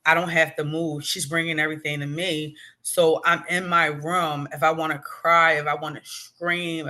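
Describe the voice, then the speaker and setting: Woman, interview guest, heartfelt, very slow delivery, sharp bright voice. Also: low voice. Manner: slow, heartfelt personal telling. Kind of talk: interview conversation.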